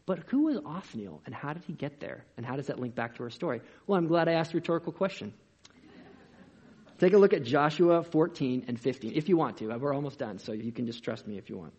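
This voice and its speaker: A man preaching a sermon as a pastor, in an energetic, conversational way with rhetorical questions, in a dull lo-fi recording. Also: fairly high pitch, fairly quick, slightly rough.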